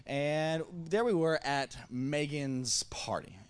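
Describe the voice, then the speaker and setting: Animated male pastor telling a story. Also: on the high side, slow, clear, resonant tone. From Missouri. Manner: animated, acting out dialogue, many restarts. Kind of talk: storytelling sermon. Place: church service before a congregation.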